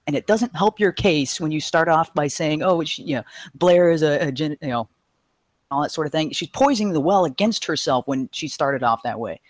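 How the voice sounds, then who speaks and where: A man calling in to a live show, talking fast and emphatically with frustration and profanity. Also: fairly high pitch, lively intonation, dry recording, clean studio sound. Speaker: caller. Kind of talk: heated call-in rant.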